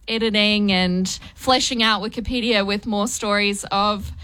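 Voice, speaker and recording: A woman's voice: mid-range voice, steady tone, measured pace, pushed and bright, smooth. A woman on a radio show, explaining a story in plain, casual terms. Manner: explains things plainly, with fillers.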